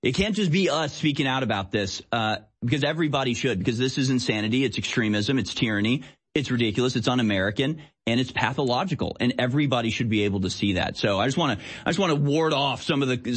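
Husky-voiced man ranting as co-host. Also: medium pitch, fast talker. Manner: insistent, ranting. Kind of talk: political commentary chat.

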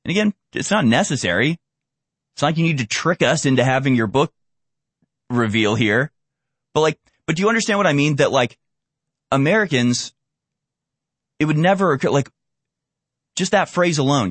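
A man hosting a casual political commentary over video clips, talking in an animated way and mockingly acting out the voices he quotes. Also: medium pitch, normal speed, no room sound. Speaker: commentary show host.

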